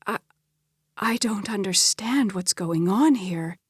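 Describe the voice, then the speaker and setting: A woman reading an audiobook, voicing a shocked middle-aged mother who stammers in a slow, breathy whisper. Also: medium pitch, expressive, no echo, clean studio sound. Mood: stunned.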